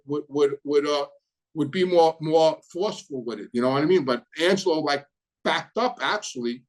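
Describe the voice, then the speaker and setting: A middle-aged man hosts his own show and tells a story from his past. His voice sits a little higher than most men's. He rambles, repeats words and phrases, and leans on "you know" as he talks. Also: low-quality recording. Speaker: host recounting his past. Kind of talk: casual storytelling monologue.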